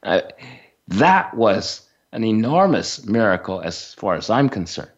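Slow halting man telling a story. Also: on the low side, sing-song, breathy edge. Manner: slow, halting with many fillers and restarts. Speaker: radio show guest teacher. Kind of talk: storytelling on a talk radio show. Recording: dull lo-fi radio audio.

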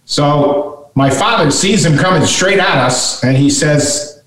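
A man's voice: a little high, lively intonation, measured pace, few pauses, fairly bright tone. A middle-aged man, a guest author, telling a story in conversation and animatedly acting out the voices he quotes. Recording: echoey room, voice from far off.

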